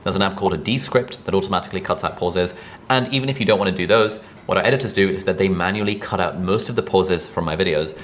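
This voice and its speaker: A man giving a conversational direct-to-camera tutorial on presenting, energetic and quick, recorded with a videographer. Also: sits low, a little hiss or hum. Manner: fast, energetic, conversational delivery. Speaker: online video coach.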